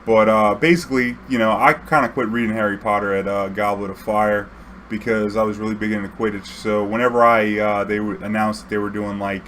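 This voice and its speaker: A man's voice: fairly low pitch, steady tone, brisk, a bit bright, slight background noise. A young man casually telling a story to his viewers, rambling and profane, full of fillers and acted-out quotes. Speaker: YouTube storyteller.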